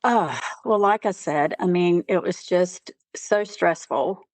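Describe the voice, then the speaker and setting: A woman being interviewed as a caregiver, speaking earnestly and haltingly, with many "you know" fillers. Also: lowish voice, a little mellow, no room sound. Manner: earnest, faith-driven. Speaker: guest, caregiver. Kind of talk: conversational interview.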